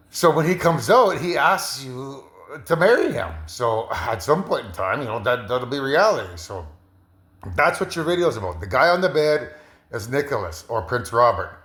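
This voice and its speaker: A man's voice: medium pitch, a bit bright. A man rambling through a casual monologue, repeating himself and restarting his sentences. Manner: repetitive, full of restarts and fillers. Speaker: vlogger interpreting a viewer's video. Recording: roomy echo.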